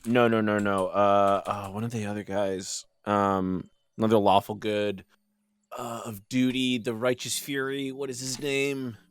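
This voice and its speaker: A man's voice: on the low side, little pitch movement, measured pace, clean tone. A man at a tabletop game who searches for words and trails off as he recalls lore. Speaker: player. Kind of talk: casual tabletop game chat.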